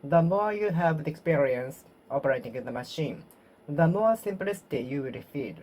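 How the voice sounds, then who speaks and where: A woman with a low voice practices English alone in a self-study monologue. Her first language is Japanese. She talks slowly, repeats words and corrects herself, over a faint hiss. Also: animated, dark tone. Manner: slow, repetitive, self-correcting practice speech.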